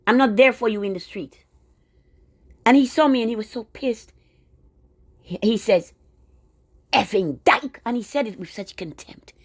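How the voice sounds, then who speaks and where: A woman's voice: on the high side, normal speed, no room sound. A woman delivering a casual, indignant monologue straight to her viewers, full of sarcastic asides. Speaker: video blogger.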